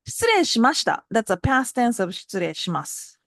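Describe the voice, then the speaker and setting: A woman's voice: fast talker, no room sound. Woman teaching, dry sound. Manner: models phrases with lively pitch jumps, laughs lightly. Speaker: Japanese language teacher. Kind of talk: casual spoken lesson.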